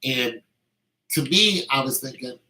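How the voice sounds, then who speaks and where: Bright-voiced man rambling casually. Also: mid-range voice, lively intonation, a little slow, rough recording. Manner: meandering, anecdotal, lots of fillers.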